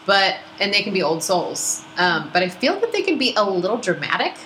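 A woman's voice: mid-range voice, very animated, fairly quick, bright, forceful tone, reverberant, slight background noise, low-quality recording. A woman co-hosting a podcast, chatting eagerly and playfully about astrology. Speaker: podcast co-host. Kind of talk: casual chat about astrology.

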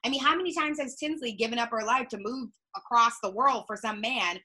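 Young woman, bright voice, blunt, animated, swears, casual chat. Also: on the high side, brisk. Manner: animated, blunt, swears freely, mimics people.

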